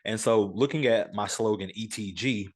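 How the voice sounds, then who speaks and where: A man hosting a podcast interview, explaining his thinking in a reflective, measured way. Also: fairly low pitch.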